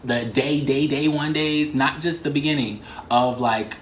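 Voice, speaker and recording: A man in his twenties telling an embarrassing story in a fast, animated and profane way, full of slang and "like" fillers. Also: medium pitch, a little hiss or hum. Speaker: vlogger. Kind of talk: casual storytime. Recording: roomy echo.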